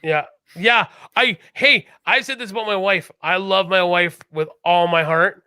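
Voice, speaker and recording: Animated, bright-voiced man telling stories. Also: sits high, a little slow, smooth, no room sound, clean studio sound. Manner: animated storyteller, acts out quoted voices. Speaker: podcast co-host. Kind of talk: casual chat.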